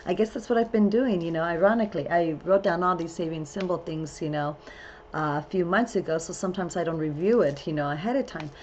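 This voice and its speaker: A chatty woman astrologer with a fairly low voice talks through her program in loose, rambling phrases and often breaks into excited whoops. Faint ambient noise sits behind her voice. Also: quick pace. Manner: talks in loose run-on phrases with many fillers. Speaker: astrologer hosting a full moon program. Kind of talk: casual spoken forecast.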